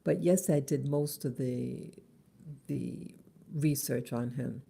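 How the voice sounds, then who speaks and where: A middle-aged woman talking in a halting, casual vlog monologue in her early-morning voice, with many restarts. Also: very deep voice, creaky, mellow, husky. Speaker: vlogger.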